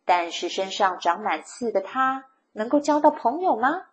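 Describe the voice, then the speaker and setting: A woman storyteller reading a picture book aloud to children, retelling each page in a slow, expressive way. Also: fairly high pitch, lo-fi sound.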